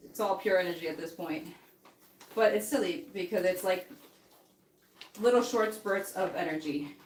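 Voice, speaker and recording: A woman's voice: lively intonation, unhurried, pauses often, a little mellow. A chatty woman talks her viewers through a puppy-care routine. She sounds set back from the mic in an echoey room, with faint noise and puppies underneath. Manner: chatty, talks to the puppies in a high soothing coo. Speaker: dog breeder hosting a livestream. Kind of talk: casual livestream chat. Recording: roomy, from a distance, faint noise.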